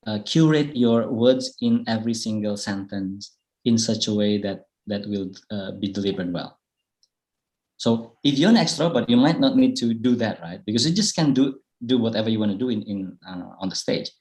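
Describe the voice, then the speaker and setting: A man from Bali with an Indonesian accent, answering audience questions in a relaxed, modest way during an online talk. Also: on the low side. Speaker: guest speaker. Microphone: video call.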